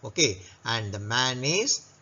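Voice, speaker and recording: A man teaching a young children's English lesson, repeating words slowly and clearly. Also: medium pitch, big pitch swings, pushed and bright, highs cut off. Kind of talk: recorded class lesson. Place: classroom.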